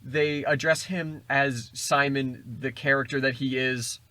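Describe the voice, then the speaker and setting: A man's voice: medium pitch, steady tone, a little slow, sharp tone, no echo. A man casually recapping a film plot in a rambling, jokey way. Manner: rambling, jokey retelling with acted quotes.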